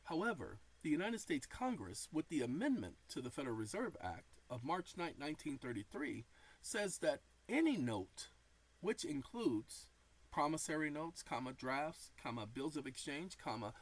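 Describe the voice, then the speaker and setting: A man's voice: a little high, very animated, moderate pace, breathy edge, rough recording. A tired man talking casually to his viewers, spelling out commas and periods as he dictates. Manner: dictates punctuation aloud while reading. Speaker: channel host. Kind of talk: casual talk to camera.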